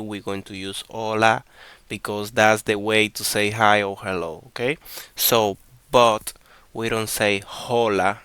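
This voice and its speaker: A man gives a beginner language lesson in a low, bright, very clear voice. He talks slowly and patiently, repeating each point and checking in with his listeners. The sound is dry and close. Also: no echo. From Dominican Republic. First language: Spanish. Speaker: Spanish teacher.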